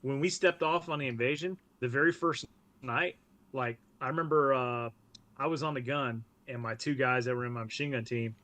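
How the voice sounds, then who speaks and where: A man's voice: medium pitch, normal speed, bright, forceful tone. A man, a military veteran, telling war stories as a podcast guest in a blunt, profane way. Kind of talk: casual podcast interview.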